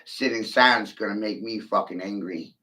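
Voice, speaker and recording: A man's voice: lowish voice, moderate pace, pushed and bright. A man giving an angry, profane monologue, swearing often and taunting his silent listeners.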